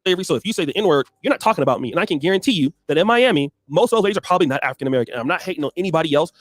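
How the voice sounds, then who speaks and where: A man's voice: fairly high pitch, expressive, racing, dry recording. A man giving impassioned, emphatic commentary in a preachy manner, recorded close and dry. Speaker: commentator in a played clip.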